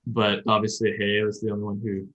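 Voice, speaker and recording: A man's voice: on the low side, completely flat delivery, brisk, fairly bright tone, dull audio. Rambling man explaining Japanese words. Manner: rambling, explains with many fillers and restarts. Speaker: podcast co-host. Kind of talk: casual chat about learning Japanese.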